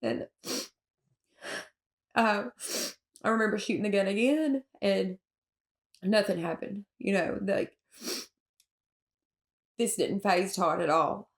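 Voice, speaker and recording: A woman with a Southern accent and a gravelly, fry-laden voice tells her story in an interview. She talks haltingly, with many fillers and restarts, and laughs nervously as she goes. Her pitch sits in the middle for a woman. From Alabama. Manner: emotional, with nervous laughs at hard moments. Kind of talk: personal recounting in an interview.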